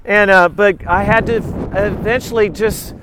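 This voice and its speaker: A middle-aged man preaching a sermon, reading scripture aloud and breaking into animated, joking asides. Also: high-pitched, a little slow, background noise. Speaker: pastor.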